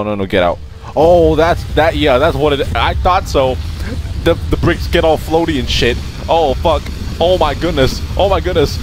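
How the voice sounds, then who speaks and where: Young guy yelling over a roblox game, voice jumps all over, faint game music behind. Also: lowish voice. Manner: excitable, swearing, jumping from mumbles to yelps. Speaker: gaming YouTuber. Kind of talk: gameplay commentary.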